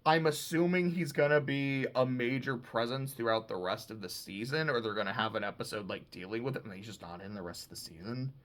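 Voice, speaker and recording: A man's voice: medium pitch, a little fast, hardly any pauses, fairly bright tone. A man casually recapping TV episodes, talking loosely, swearing freely and leaning on "like" a lot. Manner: loose and profane, heavy use of "like". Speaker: TV show reviewer.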